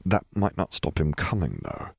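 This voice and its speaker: A young wizard husband with a wry, joking way of downplaying trouble, as a man reads him in an audiobook. The voice sits deep and low, recorded close and dry. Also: huge pitch swings, normal speed, gravelly, husky, dry recording, full character voice. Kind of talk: audiobook character reading.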